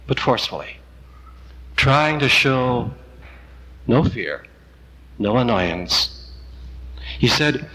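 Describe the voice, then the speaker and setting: Slow, husky-voiced man preaching a sermon. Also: mid-range voice, lively intonation, in a large hall, rough recording. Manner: slow, gentle storytelling with long pauses. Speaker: priest.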